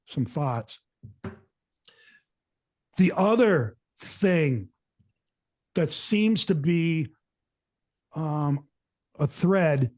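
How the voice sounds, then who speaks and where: A middle-aged man hosting a show, telling a story in a rambling, animated way and acting out what people said. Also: a little high. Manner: rambling, animated, acts out quotes. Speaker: show host. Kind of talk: casual storytelling to co-hosts.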